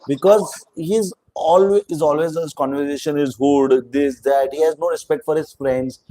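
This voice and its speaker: A man's voice: on the high side, fairly even intonation, moderate pace, mellow, rough recording. A man with an Indian English accent giving opinionated, chatty commentary on a reality show, slipping Hindi words into his talk. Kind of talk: casual video commentary.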